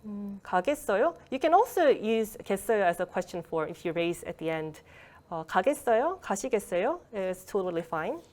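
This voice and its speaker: A woman's voice: lowish voice, big pitch swings, quick pace, a little mellow. A woman giving an online language lecture, explaining patiently with many fillers and small laughs, heard over a video call.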